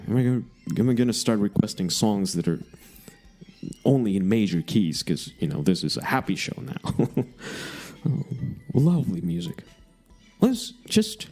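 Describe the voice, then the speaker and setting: A man hosts a radio music show, chatting casually and jokily between songs while rambling and cutting himself off. His mid-range voice is gravelly with a dark tone.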